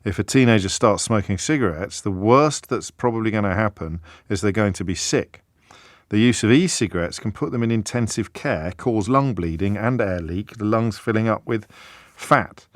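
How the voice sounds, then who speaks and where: A man's voice: on the low side, moderate pace, no echo, studio quality. A middle-aged British man hosting a radio phone-in, talking in a wry, conversational way and often restarting his sentences. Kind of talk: talk radio monologue. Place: radio studio. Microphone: close studio mic.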